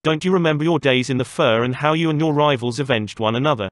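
A man voicing an adult male lord who weighs the dispute calmly and argues his points. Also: medium pitch, fast talker, no echo, clean studio sound, close to an everyday voice. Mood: reasoning. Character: adult male lord acting as judge, reasoned.

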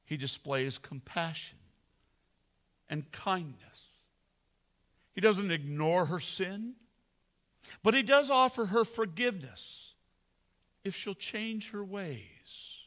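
A male pastor preaching a sermon, slow and dramatic, swelling loud then dropping almost to a whisper. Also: high-pitched, expressive. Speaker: senior pastor.

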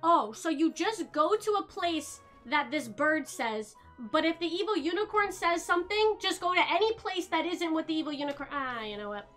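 A woman streamer with a high, bright voice gives casual gameplay commentary, chattering to her viewers and gasping with excitement at each new find. Faint game music runs underneath. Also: normal speed, few pauses.

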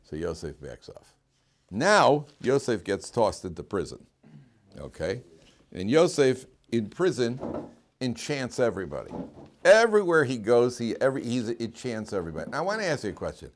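A man teaching a Torah class as a rabbi, telling stories in a lively way, acting out quotes and often laughing. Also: mid-range voice, moderate pace. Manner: animated storyteller, acts out quotes and laughs often. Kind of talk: storytelling Torah lecture.

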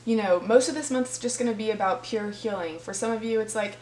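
A woman's voice: medium pitch, fairly quick, darkish tone. A woman reading tarot cards for her viewers, talking to them directly in a heartfelt, earnest way. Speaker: tarot reader. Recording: echoey room with faint hum.

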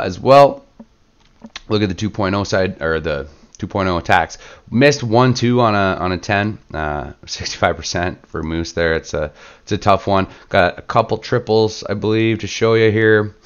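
A man hosting a gaming channel, relaxed and chatty in casual play-by-play commentary, sick and stuffed up. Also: deep voice, smooth, dull audio. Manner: relaxed, chatty, lots of filler words.

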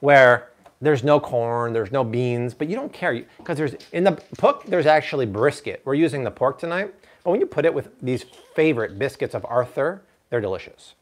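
A man's voice: mid-range voice, normal speed. A man hosting a live cooking stream from a kitchen, chatty and full of jokes. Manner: animated, jokey, chatty. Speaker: cooking show host.

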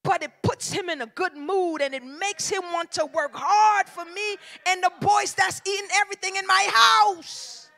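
A woman pastor delivers a sermon in a church sanctuary. Her voice sits very high and sounds bright and ringing. She talks in a folksy, colloquial way, drops low for emphasis and then builds to loud, shouted lines. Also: steady tone, moderate pace, few pauses. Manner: emphatic preaching with call-and-response cadence, swinging from hushed to shouted.

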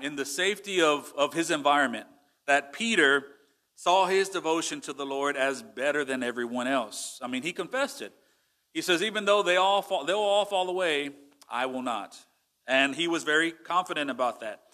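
A man's voice: on the high side, pushed and bright. A man with a Texan accent preaching a sermon as pastor, conversational, with rhetorical questions.

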